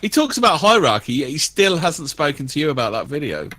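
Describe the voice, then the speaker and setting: A man's voice: a little high, very animated, fast talker, pushed and bright. A man chiming in during a casual podcast chat with wry, teasing remarks. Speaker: podcast panelist.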